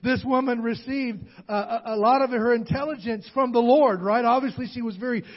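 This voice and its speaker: An older male pastor delivers a sermon with a notably high-pitched voice. He preaches in a call-and-response style and climbs to shouted lines. The recording sounds dull and lo-fi. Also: a little fast, long reverb tail.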